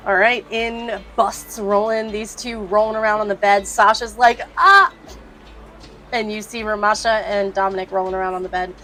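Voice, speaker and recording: A woman's voice: medium pitch, little pitch movement. Woman running a tabletop game, laughs a lot, faint music behind. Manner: laughs often, quick to shout in-character cries. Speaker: game master.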